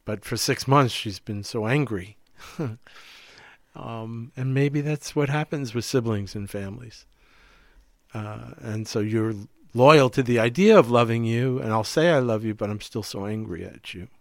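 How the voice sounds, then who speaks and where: A middle-aged man co-hosting a relaxed talk, a therapist speaking reflectively and acting out the lines he quotes. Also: medium pitch, a little slow, vocal fry, no echo, studio quality. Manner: reflective, animated, acts out quoted speech. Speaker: podcast co-host, therapist. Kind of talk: casual conversation.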